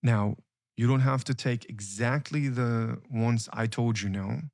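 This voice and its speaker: A man speaks as a coach, pressing his points with urgent conviction and repeating key phrases over and over. His voice sits at an ordinary middle pitch. The sound is dry and close, with no room around it. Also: fairly even intonation, unhurried, darkish tone, no room sound. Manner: emphatic, repetitive, urgent. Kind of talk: motivational coaching talk.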